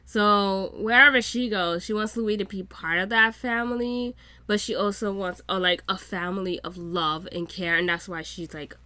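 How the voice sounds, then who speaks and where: A woman giving casual reaction commentary on a show, excitable and swearing freely. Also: mid-range voice, normal speed, no echo. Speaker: reaction YouTuber.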